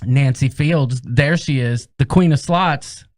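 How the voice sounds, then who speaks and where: A man's voice: takes it slowly, no room sound, studio quality. A man co-hosting a live cruise chat stream, greeting viewers by name in a sing-song drawl. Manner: sing-song drawl that swoops high on names.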